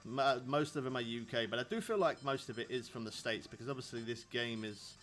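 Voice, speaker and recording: A man from England in his thirties rambles through casual live-stream chat while playing a fishing game, talking a lot and laughing often. He speaks fast in a mid-range, slightly bright voice, with soft background music.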